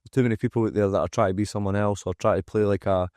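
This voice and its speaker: This man from Scotland talks in a racing, steady-toned voice, low and a little mellow. He's a gym owner guesting on a candid podcast, frank and emphatic, cursing freely and mimicking what people say. It's a dry, close-miked studio recording with no echo.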